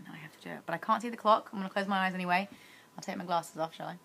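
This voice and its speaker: A young woman with a bright, crisp voice talks casually to the camera for her daily challenge vlog. She is chatty and giggly, and she keeps teasing her husband, who stays off camera. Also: on the low side, racing. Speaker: vlogger.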